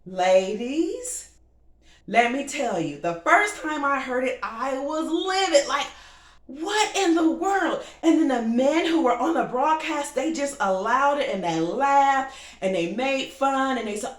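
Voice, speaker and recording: A woman hosting her own show, delivering a sassy, animated monologue and laughing often. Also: high-pitched, unhurried. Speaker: show host. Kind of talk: casual talk-show monologue. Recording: roomy echo.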